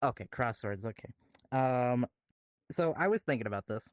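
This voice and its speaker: A man's voice: medium pitch, lively intonation, moderate pace, dry recording, low-quality recording. A man auditioning for a roleplay, answering questions casually with many fillers and restarts.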